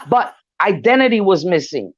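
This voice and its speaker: An older New York woman, appearing as a guest speaker, tells stories frankly and swears freely in a casual discussion. Her voice is on the low side with big pitch swings and a moderate pace. The recording is muffled, lo-fi and dry, with no room sound.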